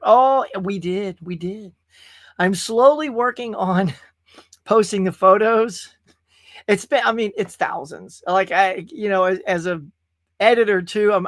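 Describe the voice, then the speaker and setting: A man's voice: sits high, fairly bright tone, no room sound, studio quality. A man hosting a casual livestream show, chatting in a rambling way and reading viewer messages aloud. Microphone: webcam stream setup.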